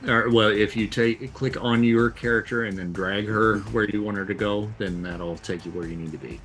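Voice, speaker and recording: A man's voice: fairly low pitch, fairly even intonation, moderate pace, a bit bright, faint music behind. A man running an online tabletop game as game master, patiently explaining rules and the scene step by step with many fillers.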